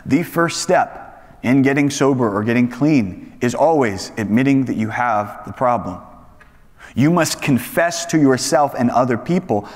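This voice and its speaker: Casual young pastor preaching in a hall. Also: male voice, mid-range voice. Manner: conversational, animated storytelling with many fillers and restarts. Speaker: pastor leading a young adults Bible study. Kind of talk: casual sermon.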